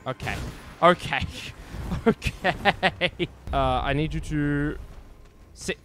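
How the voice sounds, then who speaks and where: Excitable, swearing man streaming. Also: on the high side, extremely slow, pauses often, faint music behind. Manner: profane, excitable, swears at the game. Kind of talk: live gameplay commentary.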